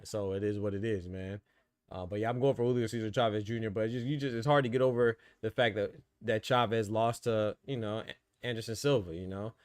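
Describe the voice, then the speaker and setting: A man's voice: fairly low pitch, steady tone, brisk, no echo, studio quality. A man hosting a live boxing talk show in a loose, rambling casual chat. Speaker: boxing podcast host.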